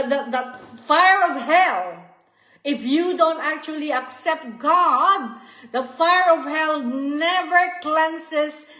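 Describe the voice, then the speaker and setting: A woman's voice: sits high, bright, forceful tone, echoey room. A woman giving an earnest devotional teaching, often repeating herself and checking in with "okay?" and "you see". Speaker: Bible study teacher.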